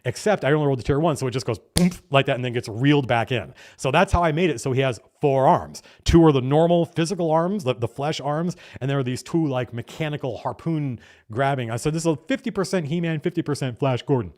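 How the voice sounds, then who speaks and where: A middle-aged man recounts a tabletop game session he ran, speaking as a game master. His telling is casual and excited, full of false starts and the odd curse, as he gushes about how the night went. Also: medium pitch, a little fast. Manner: excited, animated storytelling with restarts and profanity. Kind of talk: casual campaign diary monologue.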